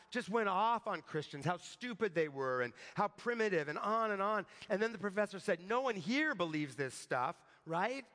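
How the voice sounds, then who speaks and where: A man with a high, slightly bright voice preaches a sermon, telling a story conversationally and frequently checking in with tag questions like "right?" The sound carries the feel of a big room.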